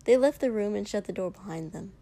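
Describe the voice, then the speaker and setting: A woman narrating a fan fiction story aloud in an even, unhurried storytelling voice. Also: medium pitch, vocal fry.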